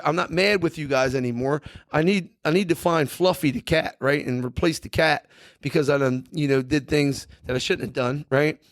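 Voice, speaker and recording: A man's voice: on the high side, no echo. A middle-aged man, a podcast guest, telling his recovery story candidly, emphatic and earnest, often tagging lines with "you know" and "right".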